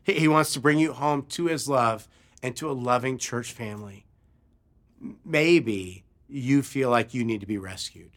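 A man's voice: medium pitch, normal speed. A man preaching a sermon as pastor, telling a story and acting out the people in it. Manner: animated, acts out shouts in his story. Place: church.

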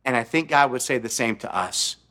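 A man's voice: mid-range voice, lively intonation, brisk, sharp tone. A man preaching a sermon, telling stories and acting out the quotes and jokes in them. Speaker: pastor.

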